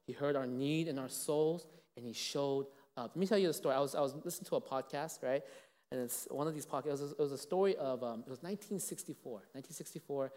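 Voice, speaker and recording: A male pastor delivers a sermon with plenty of rhetorical questions. His voice rises to loud, emphatic lines and then sinks almost to a whisper. A long reverb trails every phrase, as in a large hall. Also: mid-range voice. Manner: dynamic preaching, swings from loud emphasis to hushed tones, asks rhetorical questions.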